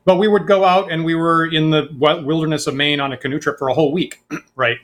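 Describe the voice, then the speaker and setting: Middle-aged man, rambling storyteller, bright voice, casual podcast chat. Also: a little high, steady tone, fast talker. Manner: rambling storyteller, many fillers and restarts. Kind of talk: casual conversation.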